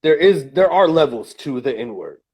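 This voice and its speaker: A man's voice: on the high side, sing-song, unhurried, a little mellow, breathy edge. A man co-hosting a casual podcast, talking through his opinions with lots of fillers and restarts. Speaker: podcast co-host.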